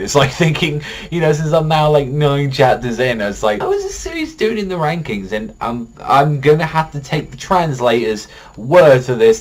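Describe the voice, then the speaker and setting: A man's voice: fairly low pitch, slight background noise. A young man casually reviewing a manga chapter in a rambling, profane, worked-up way.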